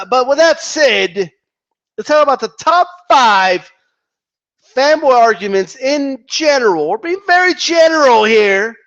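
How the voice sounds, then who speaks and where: Animated man ranting about boxing fans. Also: high-pitched, lo-fi sound. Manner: animated, profane, rambling with restarts. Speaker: boxing commentator. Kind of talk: casual vlog commentary.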